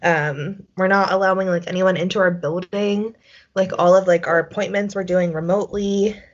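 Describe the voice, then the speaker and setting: A woman's voice: lowish voice, fairly even intonation, normal speed. A young woman co-hosting a podcast in casual chat, rambling with constant fillers and casual swearing. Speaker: podcast co-host. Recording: dull lo-fi podcast audio.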